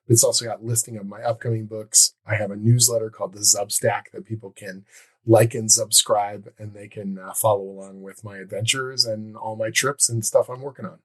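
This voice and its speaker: A man speaking as a guest on a podcast, a writer talking eagerly and quickly agreeing with the host. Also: on the low side, poor audio. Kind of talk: casual interview chat.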